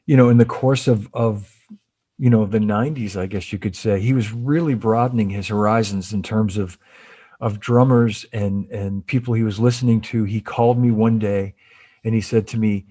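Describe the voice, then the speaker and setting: This middle-aged man, a former cymbal company artist relations person, speaks in a warm, lowish voice with fairly even intonation and normal speed. As a guest in a casual interview, he tells lengthy stories packed with restarts and side comments.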